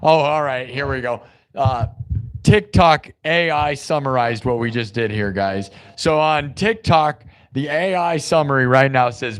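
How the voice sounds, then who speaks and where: A man's voice: mid-range voice, a little slow, a bit bright, clean tone. A man hosting a music livestream, rambling and joking casually with his chat. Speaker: livestream host.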